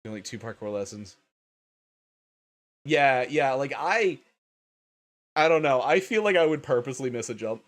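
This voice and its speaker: A man's voice: mid-range voice, expressive, moderate pace, pauses often. Tired, swearing male stream host. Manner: swears often, laughs a lot. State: sleepy, tired. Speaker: livestream host. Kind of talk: casual livestream chat.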